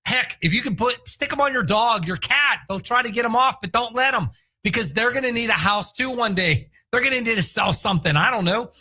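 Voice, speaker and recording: A man with a high, bright voice hosting a solo real estate show. He talks in an energetic, hard-selling way that swings between quick pushes and drawn-out emphasis. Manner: energetic, salesy, breaks into shouted impressions. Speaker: podcast host, real estate agent.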